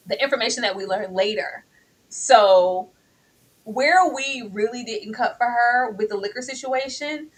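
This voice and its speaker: A woman co-hosting a casual TV review chat, animated and dramatic, slipping into mock voices of characters. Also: fairly high pitch, low-quality recording. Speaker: co-host.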